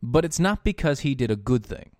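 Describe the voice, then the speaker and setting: A man giving opinion commentary, halting often with fillers and dropping into sarcastic muttered asides. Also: mid-range voice, sing-song, a little mellow, no echo, studio quality. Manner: sarcastic asides muttered under his breath; halting, with frequent fillers and restarts. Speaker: political commentator.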